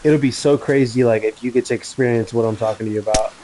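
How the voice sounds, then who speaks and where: A man's voice: mid-range voice, steady tone, fast talker, noisy background. A young man chatting casually with a friend while gaming, rambling with many fillers, laughing and swearing. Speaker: gamer. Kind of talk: casual chat over voice chat.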